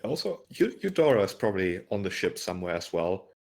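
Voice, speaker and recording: Man, game master, tabletop narration, hesitant, low voice, gravelly. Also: big pitch swings, brisk, a little mellow. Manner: hesitant, many fillers and restarts while describing.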